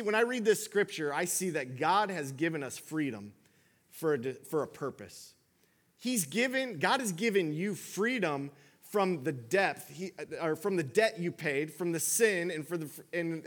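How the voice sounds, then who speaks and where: A man's voice: a little high, a bit bright. A man in his thirties, a father, preaching a sermon in a conversational storytelling way with frequent restarts. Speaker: pastor.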